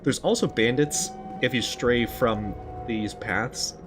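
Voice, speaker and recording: A man giving casual gameplay commentary, relaxed and rambling, with frequent fillers. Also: medium pitch, takes it slowly, music in the background. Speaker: gaming channel host.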